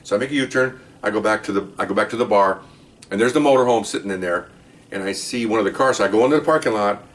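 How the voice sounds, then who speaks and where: An older man rattles off stories from his years as an undercover cop, quick and animated. He acts out the back-and-forth of each scene. His voice sits a little away from the microphone. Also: lowish voice. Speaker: retired undercover police officer. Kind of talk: casual storytelling of past cases. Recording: voice distant from the mic.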